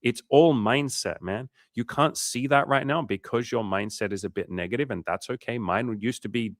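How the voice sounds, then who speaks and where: A man's voice: medium pitch, normal speed, dry recording, clean studio sound. A man coaching on a livestream in a casual, profane and fired-up way, talking emphatically. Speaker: dating coach.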